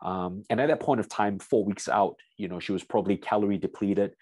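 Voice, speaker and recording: A man's voice: on the low side, a little fast, a little mellow, no room sound. A man giving a seminar lecture as a strength coach, telling a story about a client to his audience. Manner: storytelling, addresses audience as "you guys".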